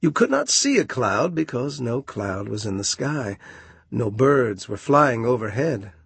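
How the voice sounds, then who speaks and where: A man recites a storybook poem in a measured, sing-song way, taking his time. His voice is gravelly and a little husky, and it rises and falls in a lively way. The recording is dry and close. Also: mid-range voice, no room sound.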